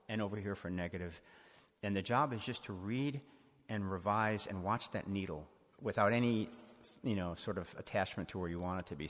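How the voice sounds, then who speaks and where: A male author answering audience questions at a book event in a church, thoughtful and wry, often poking fun at himself. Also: on the low side. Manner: thoughtful, wry, self-deprecating. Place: church used as event hall. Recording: echoey hall reverb.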